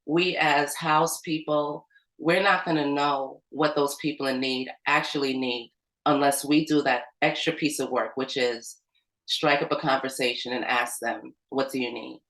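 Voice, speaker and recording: A woman's voice: sits low, fairly even intonation, measured pace, a bit bright, echoey room, poor audio. A woman, a community organizer, tells a personal story in a loose, conversational way full of "like" and "um". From United States. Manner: conversational, with fillers like "like" and "um". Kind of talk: storytelling talk at an organizing meeting.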